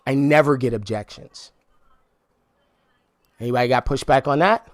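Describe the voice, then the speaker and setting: A man coaching a room on real estate sales calls, energetic and animated, acting out phone conversations. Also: mid-range voice, moderate pace, pauses often, no room sound, studio quality. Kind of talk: sales training talk with role-play.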